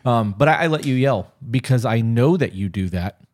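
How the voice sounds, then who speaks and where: A man co-hosting a podcast, talking calmly and reassuringly with his partner about a recent argument. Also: medium pitch, normal speed. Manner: calm, reassuring, talks through feelings. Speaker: podcast co-host. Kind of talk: casual conversation between partners.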